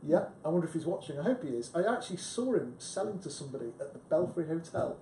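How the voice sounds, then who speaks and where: Male panelist, chatty and emphatic, faint rumble behind. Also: very animated, quick pace, dark tone. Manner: chatty, emphatic, frequent restarts. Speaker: book club panelist. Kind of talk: casual discussion. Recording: echoey room with faint rumble.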